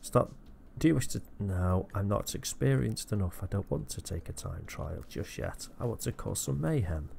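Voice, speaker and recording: Swearing lad playing a game. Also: male voice, animated, moderate pace, gravelly, hardly any pauses, a little mellow, a little hiss or hum. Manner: crude, swearing, jokey, with squeaky high outbursts. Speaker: gamer. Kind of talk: casual let's-play commentary.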